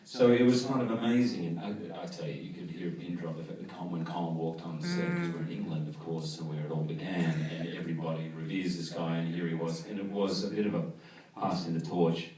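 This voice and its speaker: A man with a very low voice tells a story on stage in an animated way. He is heard from a distance in a big echoing hall, with an audience murmuring around him. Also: quick pace, few pauses, crowd noise. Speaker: actor guest at a Q&A. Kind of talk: casual anecdote on stage. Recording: roomy hall, picked up from far off.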